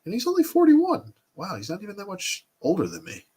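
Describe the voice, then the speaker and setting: A man's voice: high-pitched, huge pitch swings, a little fast, warm tone, breathy edge. A man in his thirties hosting a casual livestream, rambling and thinking aloud as he answers his chat. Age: 30s. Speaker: toy collecting livestream host.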